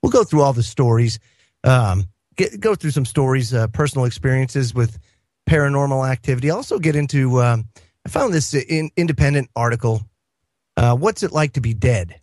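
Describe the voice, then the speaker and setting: Lively male talk radio host. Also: mid-range voice, normal speed, dry recording, clean studio sound. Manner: animated, exclaiming, laughs easily. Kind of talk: casual talk radio banter.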